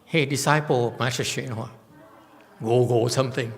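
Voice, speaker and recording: A man with a creaky, medium-pitched voice and fairly even intonation speaks at normal speed. He is a meditation teacher giving a blunt, emphatic, self-mocking Dharma talk, and the temple hall adds long reverb.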